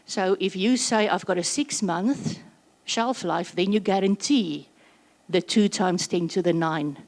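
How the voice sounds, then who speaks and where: A South African woman giving a workshop presentation, chatty and slightly out of breath, with quick joking asides. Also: mid-range voice. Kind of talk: conference presentation.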